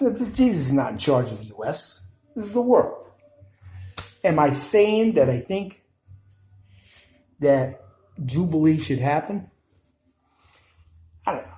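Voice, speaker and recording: A man's voice: on the high side, mellow, reverberant, low-quality recording. A man with a New York Italian accent, ranting to viewers in blunt, scolding commentary. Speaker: video commentator.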